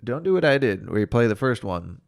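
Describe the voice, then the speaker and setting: A man's voice: medium pitch, sing-song, a little fast, gravelly. A young man co-hosting a podcast, chatting casually and jokingly, often trailing off mid-sentence. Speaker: podcast co-host. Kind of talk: casual chat about video games.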